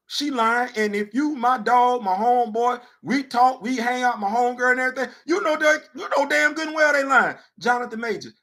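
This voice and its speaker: A man hosting a talk show and telling a comedic story in an animated way, swinging from low mutters to loud outbursts and repeating phrases for emphasis. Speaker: podcast host.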